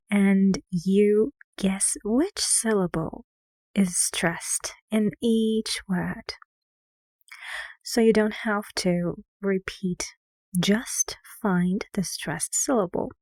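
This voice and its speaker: A woman teaching an English pronunciation lesson, speaking slowly and deliberately, repeating each word several times and sometimes dropping to a soft whisper. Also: medium pitch, no echo.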